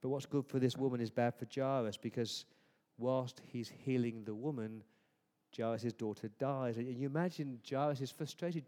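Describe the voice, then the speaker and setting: In an echoing hall with long reverb, a man delivers a sermon at medium pitch and a moderate pace. He keeps it conversational, moving between hushed moments and emphatic ones.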